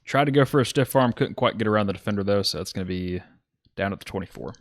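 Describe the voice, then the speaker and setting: Southern man calling plays, low voice. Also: fast talker. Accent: Southern US (Alabama). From Alabama, USA. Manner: rambling, self-correcting, chatty with his chat. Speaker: stream play-by-play commentator. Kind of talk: casual play-by-play commentary.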